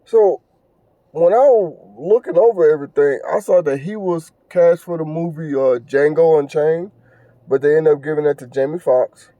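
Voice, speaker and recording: This man's pitch is fairly high and his pace moderate, heard through narrow, tinny audio with no echo. Hosting a podcast solo, he offers casual commentary in an earnest, preachy tone, repeating himself and stumbling on fillers.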